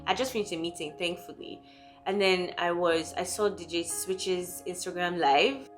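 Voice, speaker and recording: A young woman from Nigeria, talking candidly and emotionally in a personal vlog, quick and full of fillers. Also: lowish voice, soft background music. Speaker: vlogger.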